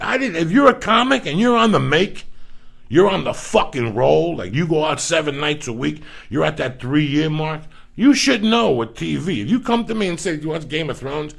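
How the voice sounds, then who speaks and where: A middle-aged man, a comedian guest, telling profane stories on a podcast in an animated way, swearing constantly and acting out the voices of other people. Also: on the high side. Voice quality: gravelly.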